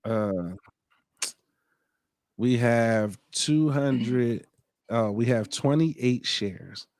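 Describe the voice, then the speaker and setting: A man's voice: medium pitch, drawn-out words, darkish tone, no room sound, clean studio sound. A man hosting a podcast live stream, chatting casually, reading out viewer comments and joking around with loose, profane banter. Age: adult father. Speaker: podcast host.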